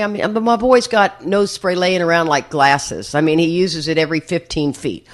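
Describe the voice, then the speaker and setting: A woman's voice: lowish voice, a little fast, few pauses. A woman speaking at a recovery meeting, telling a humorous personal story with lots of laughter and acted-out voices. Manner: animated, laughs often, acts out others' voices.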